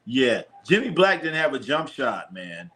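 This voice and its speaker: Very animated yet unhurried, his mid-range voice bright and forceful, a man hosts a live basketball watch party. He calls the plays loosely, takes chat questions, jokes around with viewers, and repeats himself often.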